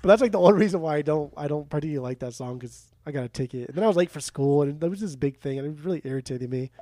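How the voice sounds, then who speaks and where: Mellow-voiced man rambling with fillers. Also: fairly high pitch, lively intonation, rapid-fire, no echo, studio quality. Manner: rambling storyteller, lots of "like" fillers. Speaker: podcast co-host. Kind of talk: casual chat.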